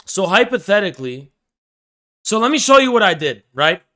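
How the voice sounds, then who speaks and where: A man's voice: high-pitched, very animated, moderate pace, shouting, very noisy. A man livestreaming, talking in a heated, profane rant to his chat. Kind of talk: ranting livestream talk.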